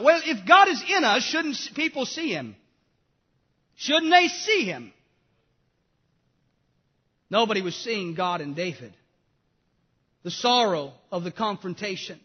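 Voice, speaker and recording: A man preaches with great passion, his voice pitched unusually high as he moves from urgent appeals to low, hushed confessions. The recording is dull and lo-fi, and it rings with a long hall reverb. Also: big pitch swings, measured pace, pauses often, breathy edge. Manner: impassioned preaching, swinging from loud to hushed. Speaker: pastor. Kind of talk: sermon.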